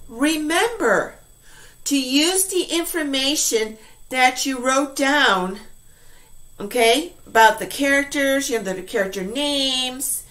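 A woman teacher giving an online class to English learners, speaking slowly and clearly in an encouraging way. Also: on the high side, a bit bright. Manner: slow, clearly enunciated, encouraging.

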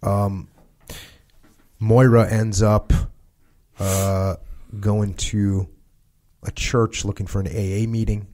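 Male podcast host, low voice, steady book reading with brief comments. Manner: measured reading with spoken asides. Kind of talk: reading book passages aloud.

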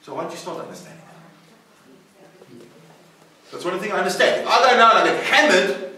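Male pastor, high voice, loose laughing preaching style heavy on rhetorical questions; distant mic in a very reverberant hall. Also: expressive, moderate pace, bright, forceful tone. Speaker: pastor teaching at a recovery centre. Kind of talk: informal preaching to a group. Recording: echoey room, voice from far off the mic.

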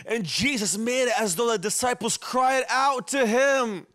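A man with a high-pitched voice preaching a sermon. He repeats phrases in a rolling cadence and moves between quiet stretches and loud, shouted peaks. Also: measured pace. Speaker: pastor.

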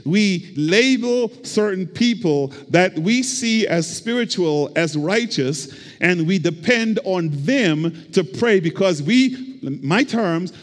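High-voiced man preaching in a reverberant church. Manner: preachy call-and-response, rhythmic repetition. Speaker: pastor. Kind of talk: sermon. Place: church sanctuary. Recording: long hall reverb.

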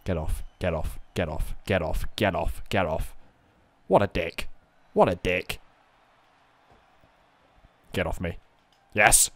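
A young man giving casual, excitable running commentary over a wrestling video game, chatting to viewers and swearing freely. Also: low voice, slow pace, pauses often, no echo. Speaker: gaming video creator.

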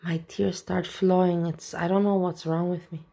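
A woman's voice: on the low side, flat delivery, normal speed, creaky, warm tone. A woman vlogger talking casually and openly emotional, with a rambling way of speaking. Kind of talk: casual reaction vlog.

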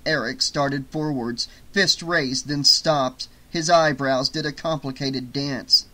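A man narrating an audiobook in a steady storytelling read. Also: medium pitch, slow. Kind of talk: scripted narration.

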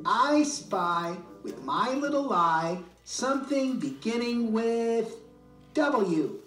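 A woman voicing a small, boastful, fearless boy fish in a picture book, with a high, excited, squealing delivery. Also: slow, faint music behind, heavily acted. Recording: echoey room, mic far off.

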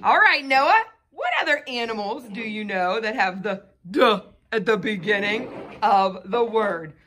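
Lively bright-voiced woman teaching phonics. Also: mid-range voice, a little hiss or hum. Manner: patient, sounds out letter sounds slowly. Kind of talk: phonics lesson with a child.

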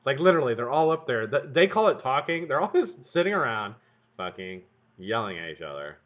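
A man rambles through a casual live stream from his home workbench, his talk full of swearing and joking asides to the chat. His pitch swings a lot, and the stream audio sounds dull and lo-fi. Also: sing-song, brisk, a bit bright. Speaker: livestream host building vape coils. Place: home workshop room.

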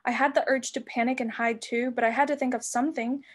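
Woman reading a novel aloud, fairly high. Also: fast. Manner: expressive storybook reading. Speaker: reader.

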